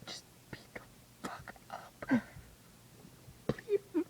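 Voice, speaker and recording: A vlogger telling a painful personal story in a confessional way, often dropping to a hush and then swinging loud. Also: extremely slow, poor audio. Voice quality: hushed, often whispered delivery. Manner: emotional, swings from hushed to loud.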